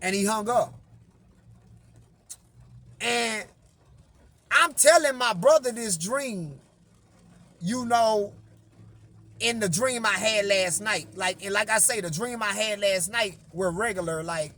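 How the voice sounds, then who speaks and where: A man telling a long story in a casual monologue, acting out each exchange of dialogue in an animated, profane way. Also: high voice, takes it slowly, long pauses. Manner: animated, profane retelling that acts out quoted dialogue. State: tired after little sleep. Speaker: music artist and vlogger.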